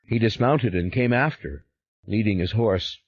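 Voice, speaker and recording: A man's voice: fairly low pitch, measured pace, breathy edge, muffled recording. A man narrating a thriller audiobook in the first person, with a grave, brooding reading.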